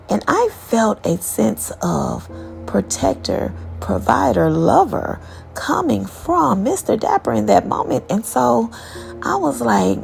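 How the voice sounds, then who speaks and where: A woman's voice: on the high side, big pitch swings, slow pace, creaky, darkish tone, soft background music. A woman telling a personal spiritual story in a casual, candid and profane way.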